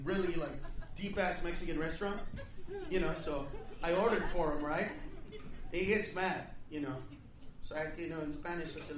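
A brash, profane man performing stand-up on a comedy club stage, with a very high voice for a man. He is heard from a distance in an echoey room. A loud crowd laughs all around him. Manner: brash, profane, bursts into shouting.

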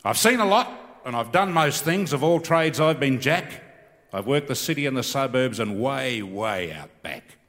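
This middle-aged Australian comic delivers a stand-up routine with a recited poem, rambling laconically at normal speed yet animated, his pitch moving freely. He performs comic bush poetry for laughs in a fairly bright tone that echoes with long hall reverb.

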